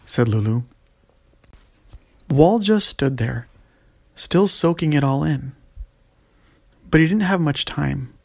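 A man reading a fantasy story aloud as narrator in a steady, even way. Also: medium pitch, slow, gravelly, long pauses.

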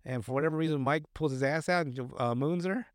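A man's voice: fairly high pitch, a little fast, dry recording, clean studio sound. A man casually recapping a film on a podcast, rambling, swearing often and acting out the characters' lines. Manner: rambling, profane, acts out quotes. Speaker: podcast co-host.

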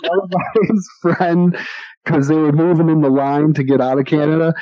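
A man's voice: a little high, level tone, normal speed, no echo. A man in his forties on a podcast, telling rambling stories with frequent laughs. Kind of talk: casual storytelling. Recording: dull lo-fi dry recording.

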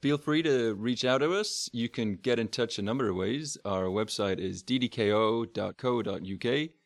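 A man doing a deliberately bad Texan accent while reading out a podcast outro. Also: medium pitch, creaky, natural voice. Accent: fake Texan.

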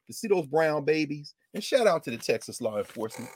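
A man talking in an impassioned casual conversation, swinging from loud outbursts to low murmurs, laughing often and cursing. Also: big pitch swings, fairly quick, slight background noise. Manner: uses street slang and curses.

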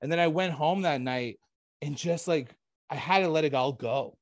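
A man's voice: on the high side, moderate pace, no echo. A man from Canada in his forties, a comedian talking candidly in a casual interview, rambling with lots of fillers and asking "right?" often. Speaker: comedian guest.

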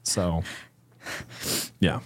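A man co-hosting a Bible study, talking through his thoughts in a casual, rambling way. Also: very slow. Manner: thoughtful, rambling, with many fillers and restarts. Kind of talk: casual conversational commentary.

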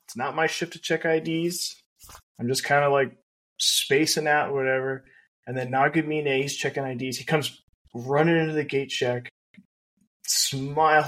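A man co-hosting a podcast, telling a story in a casual way with lots of fillers and laughs. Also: a little high. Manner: laughs often, lots of fillers, animated retelling. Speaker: podcast co-host.

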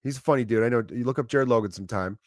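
A man in his thirties talking in a loose, rambling monologue, telling animated stories with restarts and swearing. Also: mid-range voice, very fast, dry recording, studio quality.

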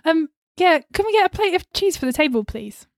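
High-voiced woman player. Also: big pitch swings, fairly quick, dry recording, clean studio sound. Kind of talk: casual tabletop game play.

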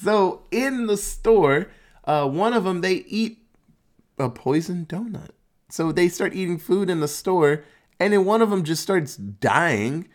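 A man's voice: sits high, a little slow. A man casually recapping a movie plot, acting out the characters' quotes, swearing and laughing as he goes. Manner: animated storytelling, acts out quotes, swears, laughs.

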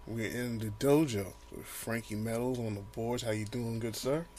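Man, casual podcast chat, profane animated rants, faint background hiss. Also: mid-range voice, moderate pace. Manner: animated, profane ranting with laughs. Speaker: podcast co-host. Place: small home studio.

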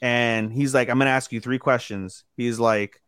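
A man co-hosts a casual podcast and retells a story in a lively way, slipping into quoted lines with "he's like." His pitch sits in the middle range. The recording is close and dry, with no room sound. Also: normal speed, clean tone, no room sound. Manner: animated retelling that acts out characters' lines with lots of "he's like". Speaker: podcast co-host. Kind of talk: casual chat recapping an episode.

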